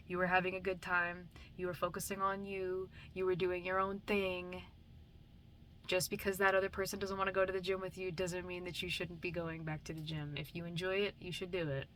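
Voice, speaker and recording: Young adult woman, lowish voice, sleepy meandering home vlog chat, casual cursing. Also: pushed and bright, a little hiss or hum. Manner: drowsy, meandering, casual swearing. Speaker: vlogger. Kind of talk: late-night rambling chat. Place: home, at night.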